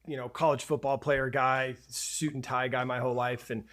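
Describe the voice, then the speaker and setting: A man in his forties telling a long personal story as a podcast guest, halting and restarting often, then growing animated as he relives the scenes. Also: medium pitch.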